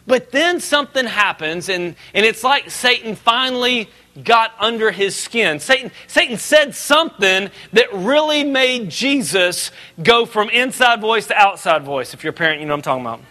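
A man preaching a sermon as a pastor, conversational and joking, rising to animated emphasis. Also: high-pitched, moderate pace.

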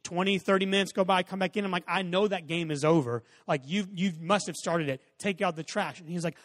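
A man in his forties preaches a sermon from the stage of a church sanctuary, telling stories in an easy, conversational way and acting out both sides of arguments loudly. His voice sits high for a man. The mic is close, with a long reverb tail from the hall behind it. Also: brisk, few pauses. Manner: conversational storytelling, acts out exchanges in raised voices. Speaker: pastor.

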